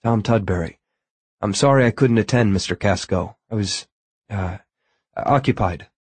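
A man voicing a hoarse, heartbroken young man. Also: lowish voice, no room sound. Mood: strained sad. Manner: halting, hoarse, hesitant.

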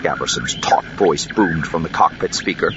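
Deep-voiced male audiobook narrator. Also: moderate pace. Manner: expressive, dramatic reading. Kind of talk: scripted narration. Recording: dull lo-fi with steady noise.

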